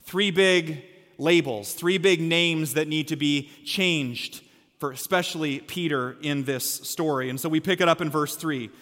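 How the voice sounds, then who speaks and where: Pastor guy giving a fun sermon, kinda high voice, echo from a big church hall. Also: unhurried. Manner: energetic, humorous, acts out quotes. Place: church sanctuary.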